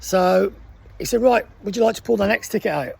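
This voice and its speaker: A man's voice: high-pitched, fairly quick, gravelly, husky. A man in his sixties, a military veteran telling a casual anecdote and acting out the voices of the people in it. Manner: lively storyteller acting out the voices of others.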